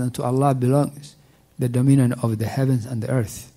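A man teaching a mosque class on Quran commentary. He recites verses quickly in Arabic, translates them slowly, and repeats words as he searches for them. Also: medium pitch, steady tone, vocal fry, dark tone.

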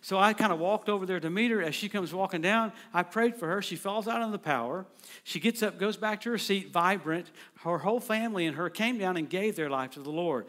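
Animated storytelling preacher, high voice. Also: male voice. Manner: animated, playful anecdotal delivery with quick asides. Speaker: guest preacher. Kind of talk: storytelling sermon. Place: church sanctuary.

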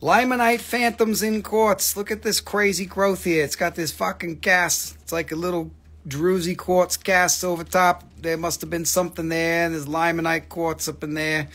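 A middle-aged man with a Southern American accent, his voice pitched noticeably high. He rambles excitedly and swears freely as he hosts a live sale. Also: moderate pace. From Southern United States. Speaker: host selling rocks. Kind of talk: live sales stream chat.

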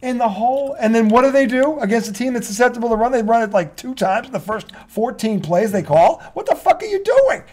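A man's voice: very high-pitched, fairly quick, hardly any pauses, darkish tone. A man hosting a casual sports talk show, ranting with lots of profanity.

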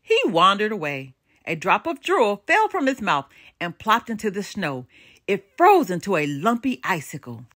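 An older woman reading a children's storybook aloud with expressive, animated storytelling and dramatic pauses. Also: medium pitch.

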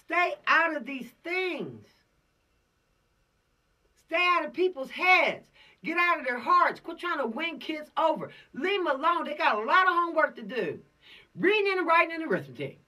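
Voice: high-pitched, expressive, measured pace, pushed and bright, recorded from a distance. A law course instructor giving an informal, preachy lecture with streetwise slang.

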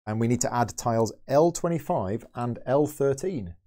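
A man's voice: mid-range voice, animated, normal speed, dark tone. A man hosting a board game channel, thinking aloud as he plays through a solo game and explains each move. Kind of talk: solo game playthrough commentary.

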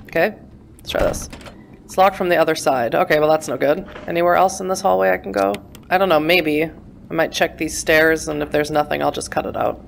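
A woman's voice: low voice, a little fast, creaky, a little hiss or hum. A woman giving casual gameplay commentary, chatty and self-mocking, talking back to the game character. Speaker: let's play gamer.

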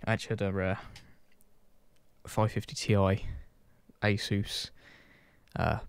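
Low gravelly man rambling. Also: little pitch movement, slow, no echo. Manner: rambling, self-deprecating, swears casually. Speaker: gaming channel host. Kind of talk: casual chat to camera.

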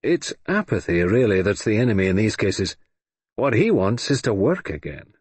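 A man's voice: on the low side, big pitch swings, moderate pace, a little mellow, breathy edge, no room sound. A man doing a genial talkative doctor. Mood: explaining. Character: kindly chatty country doctor. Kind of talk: audiobook character voice.

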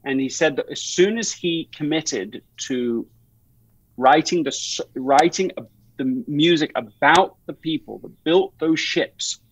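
A man's voice: fairly high pitch, unhurried, no room sound, rough recording. A man talking as a guest in a podcast interview, rambling through an anecdote with many restarts and fillers. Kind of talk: conversational interview.

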